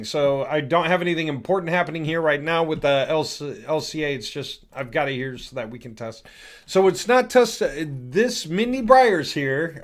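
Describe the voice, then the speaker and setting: A man hosting a casual software demo, chatty and thinking aloud as he clicks through. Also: a little high. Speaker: host demonstrating software. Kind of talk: casual screen-recorded product demo.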